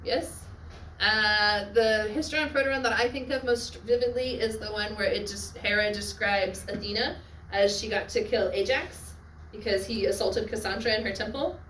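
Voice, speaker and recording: A woman teaching a Latin class on literary devices, often checking in with her students and adding quick asides. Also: mid-range voice, a bit bright, a little hiss or hum. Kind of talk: classroom lecture. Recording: echoey classroom from far off.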